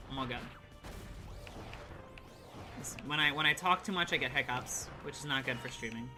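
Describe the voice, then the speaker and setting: A woman streaming a game, chatting casually and excitedly with her chat and swearing now and then. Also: low voice. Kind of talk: casual live-stream chat while gaming.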